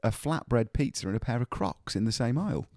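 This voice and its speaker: A man co-hosting a podcast, chatting casually and joking with quick laughs about life as a touring musician. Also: medium pitch, lively intonation, darkish tone, no echo, studio quality. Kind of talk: casual chat.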